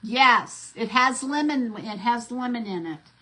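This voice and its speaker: This craft vlogger, a middle-aged woman, has a sharp, somewhat high, expressive voice and a measured pace, recorded in low quality. She chats as she works, drifting through stories with many fillers and restarts.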